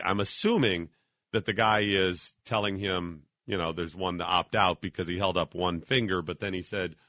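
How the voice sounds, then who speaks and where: A man hosting a talk radio show, telling a story in an animated, indignant way and acting out the people in it. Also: on the low side, no room sound, studio quality. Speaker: radio host. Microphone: studio mic.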